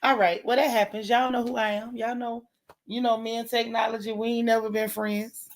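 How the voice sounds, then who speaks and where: A woman's voice: fairly high pitch, flat delivery, fairly quick. A woman hosting a casual livestream, chatting with viewers by name and joking about the news in slang. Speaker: livestream host.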